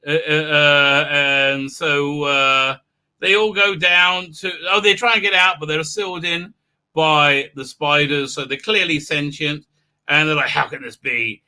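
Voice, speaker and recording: Bright rambling man, sarcastic. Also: on the high side, fairly even intonation, unhurried, clear, resonant tone. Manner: rambling, sarcastic, many fillers. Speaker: host. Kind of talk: live stream commentary.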